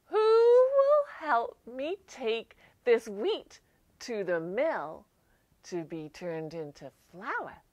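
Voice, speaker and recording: A busy little storybook hen with a high, bright voice that swoops up and down as she asks for help, as a woman puts her on. She sounds hardworking and eager. The telling is slow and careful. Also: sing-song, no echo, lo-fi sound, full character voice. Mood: asking.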